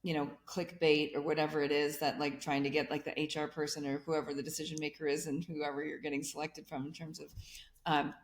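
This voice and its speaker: A woman's voice: low voice, flat delivery, brisk. A woman in a conversational interview who explains energetically and builds her points in repeated lists. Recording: echoey room.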